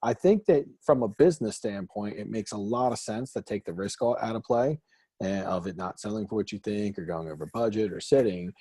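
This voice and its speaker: A man's voice: on the low side, brisk, warm tone, breathy edge, no room sound. A man hosting a casual group call as a coach, talking bluntly and animatedly, swearing now and then. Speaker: host and real estate coach. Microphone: group call audio.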